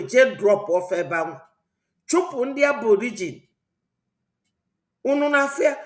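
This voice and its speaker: Igbo-accented woman in a roomy echo. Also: high-pitched. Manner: rambling, mixes Igbo and English, preachy. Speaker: channel host. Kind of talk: political commentary vlog.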